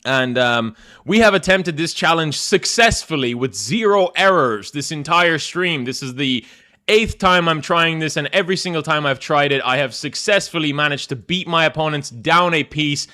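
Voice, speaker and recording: A man's voice: a little high, normal speed, sharp tone. A young man casually commentating his own chess game on a live stream, joking, mock-boastful and self-mocking.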